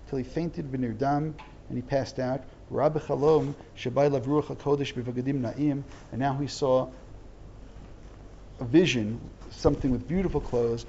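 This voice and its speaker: A mellow, medium-pitched male voice belongs to a middle-aged teacher working through Hebrew text, reading it out and translating line by line. Earnest explanations come with frequent false starts. It's a dull lo-fi recording carrying slight hiss or hum.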